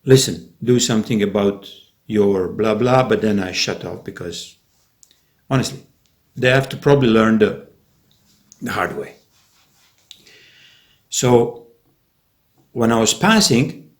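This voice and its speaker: A man rants through a rambling vlog monologue at a middle pitch. He talks sarcastically and conspiratorially, often stopping and restarting his sentences. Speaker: vlogger.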